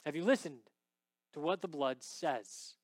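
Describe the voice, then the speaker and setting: A man preaching a sermon, swinging between hushed, intimate lines and loud, emphatic ones. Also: a little high, a little slow, dry recording. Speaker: pastor.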